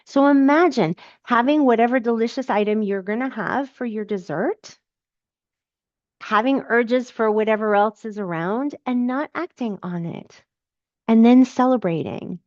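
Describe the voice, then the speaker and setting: A woman's voice: a little high, unhurried, dry recording. Encouraging woman coach, dry dull sound. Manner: encouraging, emphatic, repeats key phrases. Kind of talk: live Q&A, reading out and answering comments.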